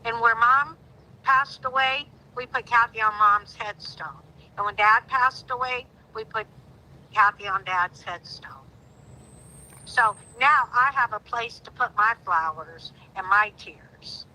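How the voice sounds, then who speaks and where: Bright-voiced woman in her sixties pleading. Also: on the high side, slow, poor audio. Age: 60s. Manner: earnest and pleading, voice rising sharply when indignant. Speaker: caller. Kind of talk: emotional call-in on a live stream.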